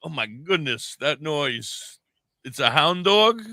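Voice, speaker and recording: Laid-back male radio host, bright forceful tone, dry studio sound, jokey and profane. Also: a little high, lively intonation, slow pace, no echo. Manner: laid-back, swearing, joking. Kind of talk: casual stoner chat.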